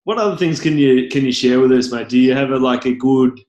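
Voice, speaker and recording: A man's voice: mid-range voice, brisk, darkish tone, echoey room, muffled recording. A man hosting a casual interview, chatty and hesitant with lots of fillers as he asks his guest questions. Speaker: host.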